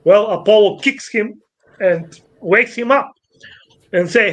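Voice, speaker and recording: A man, an astrologer, talks through an ancient myth while pointing out a sky chart. He speaks very slowly and haltingly, often restarting and repeating his phrases as he works out how to put things. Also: high voice. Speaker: astrologer interviewee.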